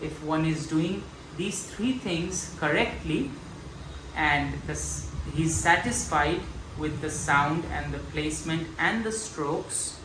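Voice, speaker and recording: A man gives a slow, patient drum lesson and chants each stroke's syllable as he demonstrates. His talk is unhurried and plainly instructive. The recording is echoey and carries clear background noise. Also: fairly high pitch. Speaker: mridanga teacher. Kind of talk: slow step-by-step music lesson.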